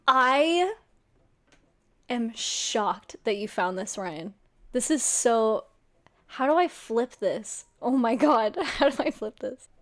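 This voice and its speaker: A young woman streamer telling a story to her viewers in a casual, excitable way, swearing a lot. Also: a little high, slow pace.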